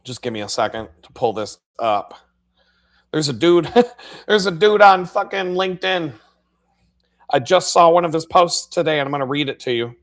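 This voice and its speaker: A man's voice: fairly high pitch, normal speed. A man hosting a live stream, telling crude workplace stories in casual speech full of swearing. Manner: crude, swearing, animated storytelling with laughs. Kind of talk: profane casual storytelling.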